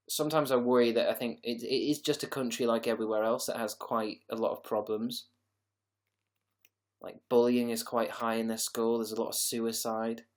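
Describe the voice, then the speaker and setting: A young man hosting a casual livestream, rambling and joking as he reads out viewers' comments, with plenty of swearing. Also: mid-range voice. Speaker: livestream host.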